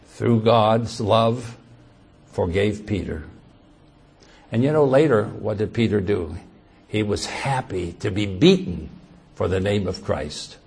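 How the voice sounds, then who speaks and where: A man preaching a sermon, slow and emphatic, who reads scripture aloud and grows louder when quoting it. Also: lowish voice, vocal fry, husky.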